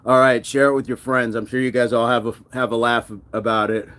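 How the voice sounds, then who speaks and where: Man, mid-pitched, fitness livestream host, chatty, reads comments aloud, laughs a lot, between sets. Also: little pitch movement, brisk, fairly bright tone. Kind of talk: casual live-stream chat.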